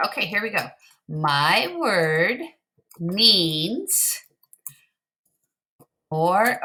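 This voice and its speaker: A woman teacher giving slow, clear, patient instructions to young pupils in a recorded word game lesson. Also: mid-range voice, big pitch swings, sharp tone.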